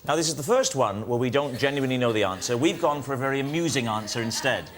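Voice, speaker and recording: A man's voice: mid-range voice, lively intonation, fast talker, fairly bright tone. A man on a comedy quiz panel, playing pompous and pedantic. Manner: pompous, mock-pedantic, sing-song. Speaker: panel guest. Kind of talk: comic panel banter. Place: TV studio with audience.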